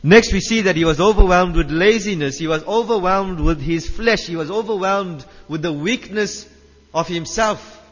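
Delivering his sermon at a moderate pace in a high voice, a man speaks emphatically, repeating lines and questioning those listening, all captured with a dull, reverberant hall sound.

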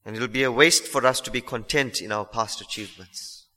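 Preaching at a brisk pace with a medium-pitched, bright and forceful voice, this man is earnest and emphatic. He pushes his listeners with rhetorical questions, and the church hall around him leaves a long reverb tail.

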